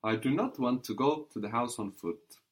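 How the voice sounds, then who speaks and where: A man's voice: mid-range voice, normal speed. A man teaching a language lesson, patiently repeating and modelling words.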